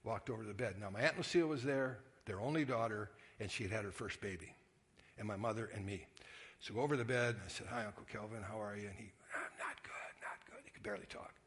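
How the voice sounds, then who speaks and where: An older man preaching a sermon as a pastor, telling stories in a folksy, conversational way and dropping to a hushed whisper for quoted voices. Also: lowish voice, quick pace. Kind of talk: storytelling sermon.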